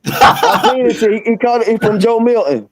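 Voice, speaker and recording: A man's voice: very high-pitched, lively intonation, moderate pace. A man co-hosting a casual sports talk show, bantering with heavy slang, swearing and frequent laughter. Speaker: podcast co-host.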